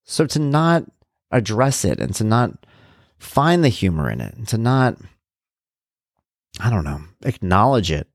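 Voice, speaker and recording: A man with a lowish voice tells personal family stories in a casual, unscripted way. His pitch swings widely as he acts out the people he quotes, and the recording sounds dry and close with no room echo. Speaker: father sharing personal stories.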